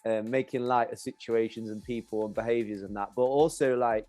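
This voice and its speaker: A man's voice: medium pitch, fairly even intonation, brisk, darkish tone, soft background music. A man hosting a podcast in a casual chat, laughing often and calling his guest brother. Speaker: podcast host.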